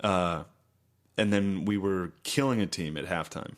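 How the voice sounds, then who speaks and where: A young man with a low-pitched voice trades crude, laid-back stories with a friend. He talks casually as a podcast co-host, now and then bursting into a yelled impression. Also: a little slow. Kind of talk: casual chat.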